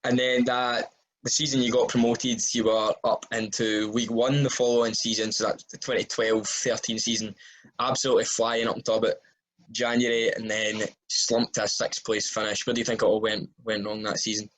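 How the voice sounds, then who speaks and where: Husky Scottish male interviewer. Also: lowish voice, level tone, brisk, a bit bright, poor audio. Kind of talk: interview questions.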